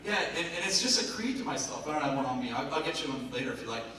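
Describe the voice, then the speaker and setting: A man's voice: a little high, racing. Man speaking in a very echoey hall. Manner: lively, jokey, asks the crowd questions. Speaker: motivational speaker. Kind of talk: live motivational talk to an audience. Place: event hall before a live audience. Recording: very echoey hall, speaker far from mic, noisy.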